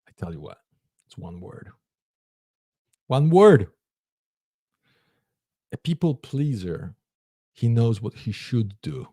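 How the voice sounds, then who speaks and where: A man's voice: on the low side, sing-song, slow, long pauses, mellow, slightly rough, no echo, clean studio sound. A man hosting a livestream, giving an emphatic, preachy motivational talk and acting out inner voices. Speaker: host.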